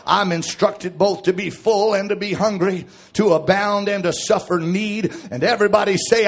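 A man preaching a sermon, shouting in a chanted cadence that drops to quiet reading of scripture. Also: sits high, steady tone, normal speed, gravelly, hardly any pauses.

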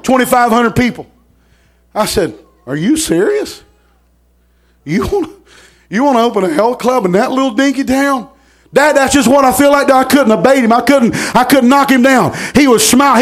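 A middle-aged man, preaching a sermon in a folksy storytelling manner, repeating words and rising to shouts. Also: extremely high pitch.

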